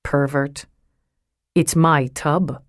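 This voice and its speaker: A woman reading a guarded female police lieutenant who answers in short, testy words. The voice sits low and sounds dry and close, like a storybook reading. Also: fairly even intonation, very slow, dry recording. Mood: curt, testy. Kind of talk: audiobook character reading.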